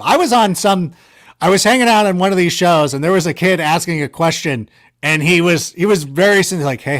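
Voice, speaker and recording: A man being interviewed, casually rambling through stories in an animated, self-correcting way with a sarcastic streak. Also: fairly high pitch. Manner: sarcastic banter. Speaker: guest. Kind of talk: casual storytelling.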